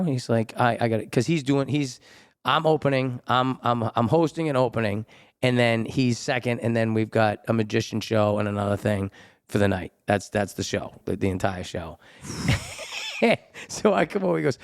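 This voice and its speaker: A male comedian, hosting and telling stories in a casual chat, animated, jumping into high voices for quotes. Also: moderate pace. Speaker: comedian and podcast host. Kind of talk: casual storytelling.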